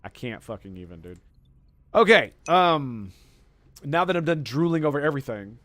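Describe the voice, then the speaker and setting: A man giving let's play commentary as a gaming streamer, excitable and profane, gushing over every detail. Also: on the high side, moderate pace, no echo.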